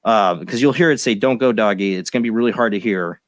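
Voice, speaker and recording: A man's voice: on the low side, lively intonation, quick pace, a little hiss or hum. A man hosting a paranormal talk show, reading stories aloud in a rambling, easily sidetracked way with chuckles. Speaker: host of a paranormal radio show. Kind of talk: casual chat, reading news stories aloud.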